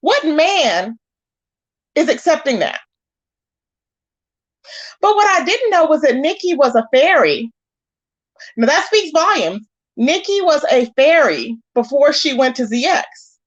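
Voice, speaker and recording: A woman vents to her live-stream viewers, animated and exasperated. She acts out what others said as she goes. The audio is dull and lo-fi. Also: high voice, slow pace, pauses often. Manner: animated and exasperated, acting out quoted lines. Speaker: live-stream commentary host. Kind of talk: casual live-stream commentary, greeting chat viewers.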